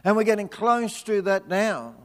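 A man preaching a sermon, telling a personal story with energy, then dropping into hushed, slow prayer. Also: sits high, animated. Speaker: pastor.

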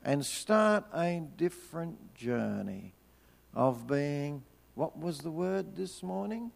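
Gravelly, slow-speaking male preacher. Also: fairly high pitch. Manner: swings from lively storytelling to hushed, slow prayer. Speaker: pastor. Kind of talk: sermon.

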